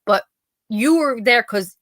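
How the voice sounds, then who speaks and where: A woman host with a fairly high voice chats loosely with her live listeners. She rambles through stories and drops into quoted dialogue as she goes. The sound is dry and close, with no room around it. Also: animated, slow pace, a bit bright, no echo. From Pennsylvania, USA. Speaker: podcast host. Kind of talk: casual chat with live listeners.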